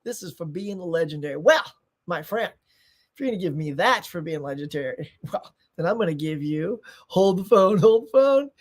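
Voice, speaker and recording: A man's voice: a little high, animated, brisk, a bit bright. A middle-aged man hosting a live stream in casual chat, rambling, reading viewer comments aloud and tossing in playful asides. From United States.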